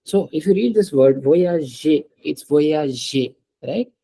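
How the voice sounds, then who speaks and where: Husky-voiced man teaching a language lesson. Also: on the high side, animated, normal speed, warm tone, poor audio. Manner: patient, explains step by step and prompts the student to read aloud. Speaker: French teacher.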